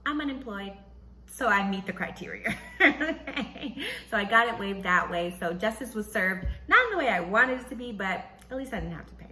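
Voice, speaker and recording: A woman hosting a podcast, casually telling a personal story and acting out what others said in a higher voice. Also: moderate pace, roomy sound, soft background music, poor audio. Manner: animated, acts out quotes in a high voice, laughs often. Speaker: podcast host.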